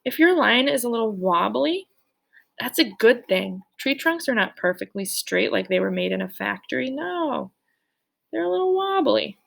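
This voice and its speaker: A woman's voice: mid-range voice, lively intonation, moderate pace, vocal fry, fairly bright tone. A young woman leading a children's drawing lesson, cheerful and playful, speaking directly to the kids. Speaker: art teacher.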